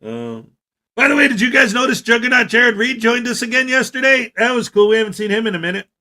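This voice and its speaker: A man hosting a casual livestream, greeting viewers by name, joking and shouting out milestones. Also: very high voice, lively intonation, fast talker. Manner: jokey, often shouting hype, laughing at his own jokes. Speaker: livestream host.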